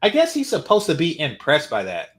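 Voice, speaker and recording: A man's voice: fairly high pitch, huge pitch swings, fairly quick, fairly bright tone. A man hosting a reaction commentary, sarcastic and mocking. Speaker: commentary channel host.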